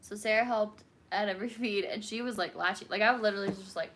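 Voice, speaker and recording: A woman's voice: medium pitch, quick pace, fairly bright tone, slight background noise. A woman guest talking casually about her early days as a new mother, rambling with lots of "like". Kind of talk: casual chat.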